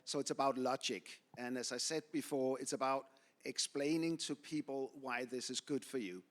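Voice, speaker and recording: A man's voice: medium pitch, steady tone, moderate pace. Man, panelist. Blunt, anecdotal, firm opinions. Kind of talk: panel discussion.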